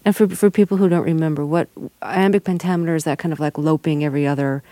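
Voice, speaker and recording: A woman's voice: low-pitched, steady tone, fast talker, warm tone, no echo. A woman interviewing a guest on the radio, asking probing follow-up questions.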